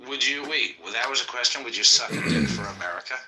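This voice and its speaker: A man chatting casually as a podcast co-host, quick to joke and act out comedy bits. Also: mid-range voice, lively intonation, crowd noise, low-quality recording. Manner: joking, quick, does bits. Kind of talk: casual chat.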